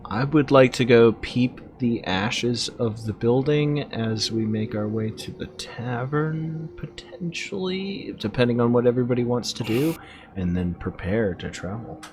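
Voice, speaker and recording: A man's voice: medium pitch, unhurried. A man playing a tabletop game, narrating his moves in a laid-back, rambling way. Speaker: player. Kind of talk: casual tabletop game chat.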